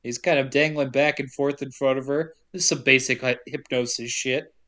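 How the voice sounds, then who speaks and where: A man casually recapping a horror movie for laughs, swearing and acting out the characters' lines in quick bits. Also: mid-range voice, fairly even intonation, bright, forceful tone. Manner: profane, joking, acts out characters' lines. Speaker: podcast co-host.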